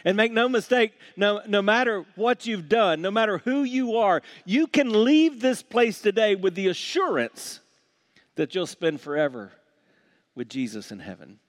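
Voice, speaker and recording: Guy preaching a sermon, voice a bit high, gets loud then drops real quiet, drags out the big words. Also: expressive. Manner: dramatic swings from loud emphasis to hushed quiet; slows down to stress key words. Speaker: pastor.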